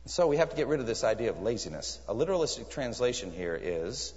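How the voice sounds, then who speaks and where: A man's voice: medium pitch, big pitch swings, quick pace, darkish tone. A man preaching a sermon in an earnest, emphatic way, pressing his listeners with searching questions. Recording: echoey hall, dull lo-fi sound.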